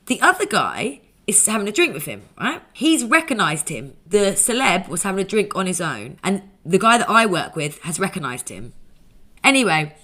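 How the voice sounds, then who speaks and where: A woman's voice: mid-range voice, very animated, normal speed, bright, forceful tone. A woman, a podcast co-host telling a long story in casual chat, swearing freely. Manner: chatty, swears freely, tells anecdotes with quoted voices.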